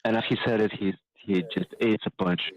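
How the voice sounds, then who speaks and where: A man's voice: lowish voice, steady tone, muffled recording. A man narrating as game master for a tabletop game, stopping now and then to correct himself. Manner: halting, self-correcting narration.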